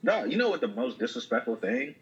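A man's voice: mid-range voice, brisk, muffled recording, slight background noise. A man chatting casually and profanely, acting out joking exchanges in other voices. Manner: animated, profane, acts out mock dialogue. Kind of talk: casual comedic chat.

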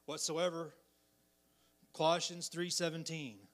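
A man preaches in an unhurried drawl, his voice sitting a little high for a man. He drops low and quiet for scripture, then bursts out loud as he acts out roars and bullies. An animated country sermon. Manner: animated, acts out roars and bully voices, swings from soft to shouting.

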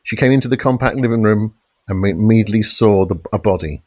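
A man reading a crime novel aloud in measured, dramatic narration, raising his voice for the police shouts. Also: on the low side, dry recording. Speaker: audiobook narrator. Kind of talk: scripted narration.

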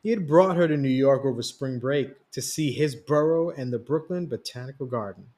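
A man telling a story on a podcast in a steady, read-aloud narration. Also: mid-range voice, normal speed. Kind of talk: scripted narration.

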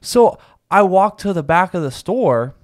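A man's voice: high-pitched, animated, normal speed, dry recording, studio quality. A man in his twenties hosting a podcast, telling a profane story in a loose, laughing chat. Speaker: podcast host.

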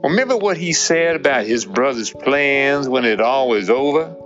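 A man's voice: mid-range voice, normal speed, close to an everyday voice. A man voicing a folksy preaching baseball coach. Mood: earnest. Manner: calm, homespun, sermonizing. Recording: dull lo-fi with faint music.

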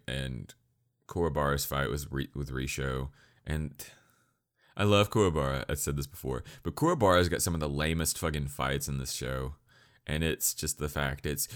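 A young man giving a blunt, profane, sarcastic anime review in casual ranting commentary. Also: very deep voice.

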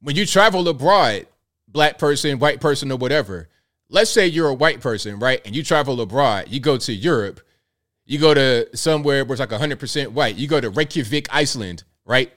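An American man with a Southern accent hosts his own political commentary show, speaking brisk and animated in a medium, slightly bright voice. He is emphatic and repetitive, throwing rhetorical questions at his viewers.

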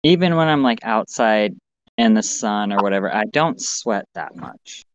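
A man co-hosting a podcast, chatting casually and swearing, animated. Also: moderate pace, smooth, dry recording. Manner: animated, swearing, mimics others in a higher voice. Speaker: podcast co-host. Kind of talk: casual chat. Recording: dull lo-fi sound with faint noise.

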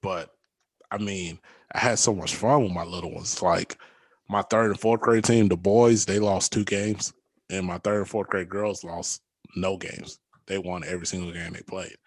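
A man, a youth basketball coach, telling stories in casual chat, animated and laughing often as he acts out quotes. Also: sits low, normal speed, no room sound.

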